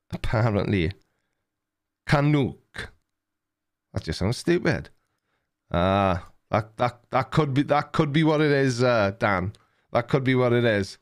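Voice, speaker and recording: A middle-aged man with a rambling, self-deprecating manner, hosting a casual livestream and reading chat comments aloud. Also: mid-range voice. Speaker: livestream host.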